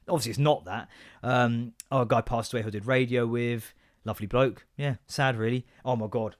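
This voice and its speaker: Podcast guy ranting, swears a lot, quick talker. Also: medium pitch, steady tone. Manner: sweary, exasperated storytelling. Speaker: podcast host. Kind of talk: casual solo podcast rant.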